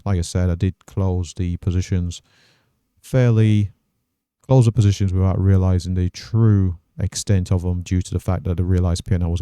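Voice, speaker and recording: Deep, dark-voiced man recapping trades. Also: clear, resonant tone, no room sound, studio quality. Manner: measured, methodical, thinks aloud with fillers. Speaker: trading channel host. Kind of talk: casual trading recap over screen recording.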